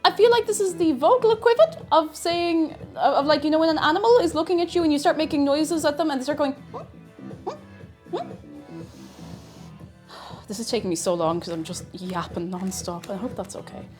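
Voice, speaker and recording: High-pitched and darkish in tone, a young woman talks fast with barely a pause as she bakes on a livestream. She greets her viewers, rambles casually and pokes fun at herself in a home kitchen, faint music behind her.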